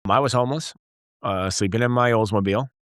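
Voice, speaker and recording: A man in his forties, a guest entrepreneur, telling stories in a casual interview and acting out bits of dialogue with lively energy. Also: mid-range voice, quick pace, no room sound, studio quality. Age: 40s. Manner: energetic storyteller, acts out dialogue.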